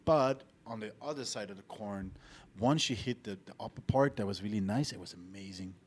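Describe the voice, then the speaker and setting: A man's voice: on the low side, a little fast, breathy edge. A man co-hosting a podcast in casual chat, telling travel stories with swearing and jokes. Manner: profane, joking, animated storytelling. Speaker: podcast co-host. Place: abroad, living in Tallinn.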